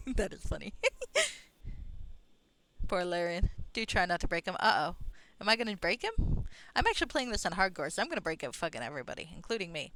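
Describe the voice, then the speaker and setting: A woman's voice: on the low side, sing-song, fairly quick, a bit bright, a little hiss or hum. Chatty, swearing woman game streamer. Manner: chatty, swearing, self-amused. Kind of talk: casual gameplay commentary. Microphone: close-up microphone.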